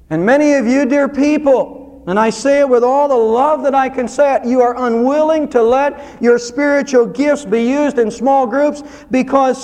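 A man preaching a sermon as pastor, earnest, rising to loud emphasis and dropping to soft low asides. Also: long reverb tail.

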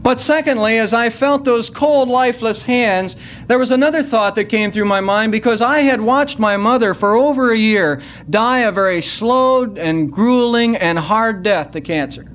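A man preaching a sermon at a church service, earnest and unhurried, slowing down to stress key words. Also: very high-pitched, a bit bright, slight background noise. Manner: earnest, slows down to stress scripture.

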